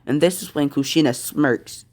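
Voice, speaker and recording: A man telling an improvised fan story, slow and halting, with fillers. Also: on the high side, darkish tone.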